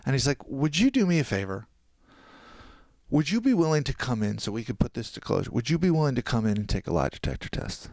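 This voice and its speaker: A young man from New Jersey, appearing as a podcast guest, speaks quickly in a creaky, medium-pitched voice. The sound is clean studio audio without echo, and he animatedly acts out the people in his long, casual story.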